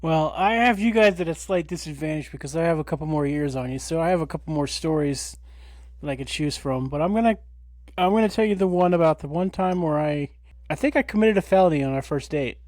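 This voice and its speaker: A man in his thirties, a podcast co-host, telling a story in a casual, animated way, swearing and acting out quotes. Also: fairly high pitch, a little fast, dry recording. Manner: animated, profane, acts out quotes.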